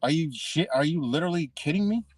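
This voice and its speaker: A man's voice: a little high, expressive, quick pace, no room sound. A man ranting in a heated, profane monologue, repeating himself and swearing often. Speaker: vlogger.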